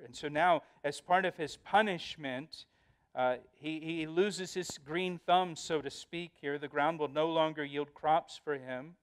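A man's voice: a little high, unhurried, clean tone. A male pastor giving a verse-by-verse Bible study, earnest and emphatic, often repeating words as he explains.

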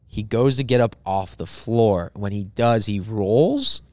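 A man, a comedian guest on a podcast, telling a story in casual, lively fashion and acting out the people in it. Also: lowish voice, unhurried, dry recording, studio quality. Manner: animated, acts out characters in his story.

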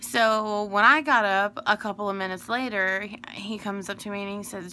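Bright-voiced woman telling a story. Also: mid-range voice, steady tone, normal speed, hardly any pauses, slight background noise. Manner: rambling, digressive, emphatic. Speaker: vlogger telling a personal story. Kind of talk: casual storytelling to camera.

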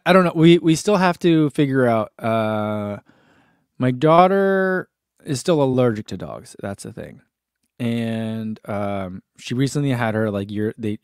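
A man in his thirties hosts a live stream, reading viewer comments aloud and chatting loosely with plenty of fillers, restarts, and laughter. His voice sits on the low side and sounds smooth. The studio recording is clean, with no room sound.

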